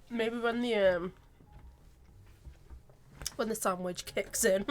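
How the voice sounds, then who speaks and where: Slow, rambling woman streamer. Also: mid-range voice. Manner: rambling, chatty, giggly, full of fillers. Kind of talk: casual gaming chat. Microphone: far from the mic.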